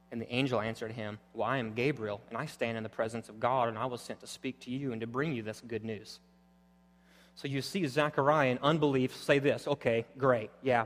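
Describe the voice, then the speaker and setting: A man preaching a sermon, animated, moving between loud emphatic points and quiet, intense passages. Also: medium pitch, long reverb tail. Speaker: pastor.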